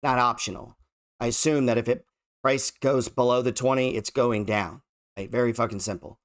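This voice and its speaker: A man's voice: mid-range voice, steady tone, moderate pace. A man talks his way through market charts in a loose, off-the-cuff way. He is heavily sarcastic and profane, thinking aloud as he goes. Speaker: trading show host. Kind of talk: casual market commentary while scrolling charts.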